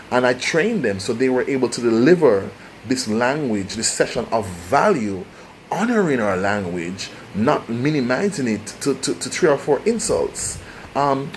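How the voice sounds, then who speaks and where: A man's voice: mid-range voice, darkish tone, slight background noise. A Jamaican man speaking in a casual, passionate monologue, emphatic and restarting his phrases often. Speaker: host.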